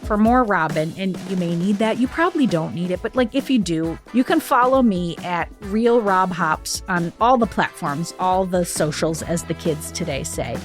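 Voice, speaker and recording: Low-voiced woman hosting a podcast. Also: lively intonation, moderate pace, few pauses, over music. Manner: chatty, playful asides. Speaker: podcast host. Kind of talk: scripted podcast narration.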